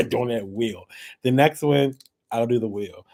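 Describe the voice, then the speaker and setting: A man hosting a casual giveaway vlog at home, chatting as he draws winners, laughing often and breaking into high excited squeals. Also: measured pace, gravelly. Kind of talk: casual chat while drawing giveaway winners.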